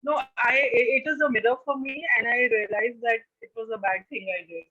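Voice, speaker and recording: A woman's voice: fairly high pitch, steady tone, brisk. A woman, an audience participant, answering candidly about her son on a video call. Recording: muffled distant video call audio.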